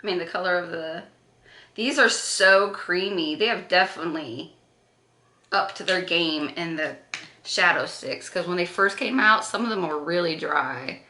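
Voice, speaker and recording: Bright, gushing woman in an echoey room. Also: lowish voice, a little slow. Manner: chatty and gushing, with gasps and self-corrections. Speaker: beauty vlogger. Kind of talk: casual makeup unboxing chat. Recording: roomy echo.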